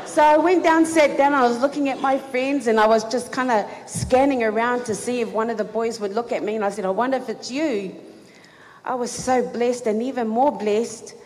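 A woman giving a eulogy at a funeral service, telling a personal story in an excited, giggly way. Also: a little high, normal speed. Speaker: eulogy speaker. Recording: reverberant hall, faint background noise.

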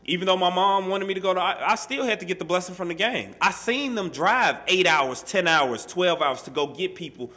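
A man's voice: high voice, brisk, hardly any pauses. A man telling a personal story to an audience in a casual, street-style way, full of "you know" and "man", acting out the voices in it. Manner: animated, acts out quoted voices. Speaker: speaker sharing his life story at a workshop.

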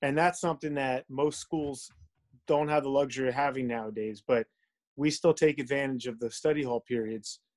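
A man's voice: medium pitch, fairly even intonation, normal speed, a little mellow. Easygoing man explaining over a call. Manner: easygoing, explanatory, fillers like you know. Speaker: school band director. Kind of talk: casual interview answers. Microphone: video call.

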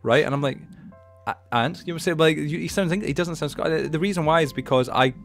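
Fast-talking young man, light Scottish accent. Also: on the high side, faint music behind. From Scotland. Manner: quick, animated, says "you know what I'm saying". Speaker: podcast host. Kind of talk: casual podcast chat.

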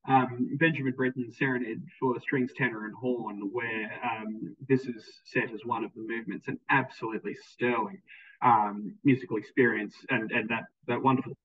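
A husky-voiced man, a music teacher, talks through his presentation with eager enthusiasm, stumbling over repeated words and frequent ums. The sound is thin and tinny, like a phone line. He sits at some distance from the mic. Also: mid-range voice, fairly even intonation, moderate pace. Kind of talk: recorded presentation.

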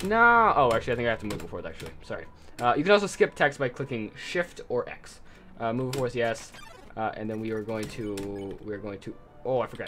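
A man's voice: mid-range voice, a bit bright. Rambling man narrating gameplay. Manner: rambling, self-deprecating, lots of fillers. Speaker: gameplay commentator. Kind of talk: casual let's-play commentary. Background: game music.

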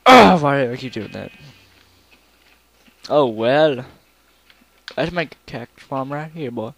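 A man's voice: medium pitch, expressive, a little slow, gravelly, pauses often, a bit bright. Young male let's player, casual rambling commentary, faint noise in the recording. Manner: rambling, breaks into song snippets.

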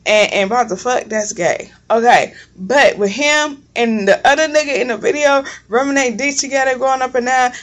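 A young woman vlogger telling a long story in a casual, blunt and profane way, rambling as she goes. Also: on the high side. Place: home kitchen.

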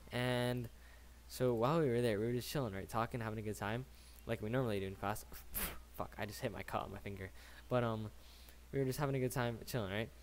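A man's voice: on the low side, slight background noise. A young man in his late teens telling a casual story, rambling and slangy, swearing often and tagging his sentences with "right?".

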